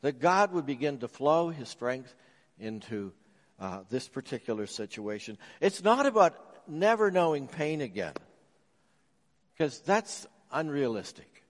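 A man preaching a sermon as a pastor. He tells stories, swinging from loud emphasis to soft, low asides. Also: very animated, unhurried. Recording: long reverb of a large hall.

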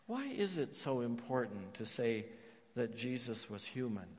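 Male pastor, sermon, emphatic then hushed, mid-pitched voice, long hall reverb. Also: moderate pace. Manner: emphatic, with hushed repeated phrases.

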